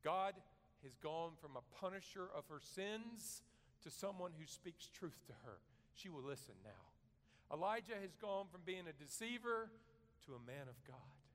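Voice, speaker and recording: A man preaching a sermon, earnest and measured, rising to loud emphasis and then dropping to a soft, quiet delivery. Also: on the high side, expressive, in a large hall. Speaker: pastor.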